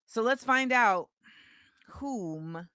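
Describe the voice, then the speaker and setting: A woman hosting a casual livestream talk show, talking in an animated, sing-song way and reading out viewers' shout-outs. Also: on the high side, drawn-out words, clear, resonant tone, dry recording. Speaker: host. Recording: music playing behind the voice. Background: music.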